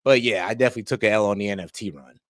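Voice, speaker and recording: A man's voice: lowish voice, rapid-fire, dry recording, studio quality. A man co-hosting a reaction show, talking in casual, slangy, emphatic chat. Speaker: co-host reacting to a video.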